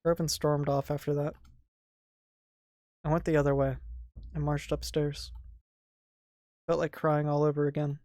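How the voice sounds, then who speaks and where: A voice actor voicing a lonely, hurt young woman who narrates her day softly in a visual novel dub. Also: mid-range voice, level tone, a little slow, long pauses, no room sound, clean studio sound, lightly acted. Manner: soft, quiet, subdued narration.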